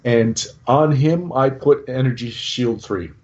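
A man's voice: mid-range voice, slow pace, a little mellow, muffled recording, slight background noise. A man co-hosting a podcast, chatting casually about his game army in a rambling way with many restarts. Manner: rambling, lots of restarts and fillers. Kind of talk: casual chat.

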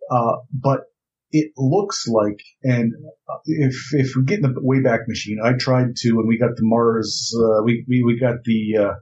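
A man's voice: mid-range voice, a little slow, a little mellow. A man co-hosting a podcast, talking casually with lots of fillers and wry jokes. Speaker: podcast co-host. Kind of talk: casual hobby chat. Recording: slightly dull lo-fi mic.

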